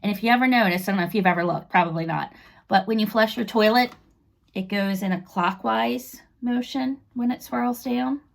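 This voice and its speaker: Chatty gravelly woman reading a storybook. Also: medium pitch. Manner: chatty and explanatory, pauses to talk about the pictures. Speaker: read-aloud narrator for children. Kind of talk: reading a children's book aloud with commentary.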